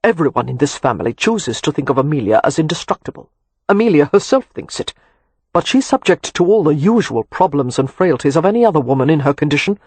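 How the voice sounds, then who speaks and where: A worn-out, protective Romany man drawls with dry sarcasm, voiced by a male audiobook narrator. His tone sits a little high and husky, read close in a dead, dry booth. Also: sing-song, fast, a little mellow, no echo, heavily acted. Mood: tense. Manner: dry sarcasm, earnest when tender.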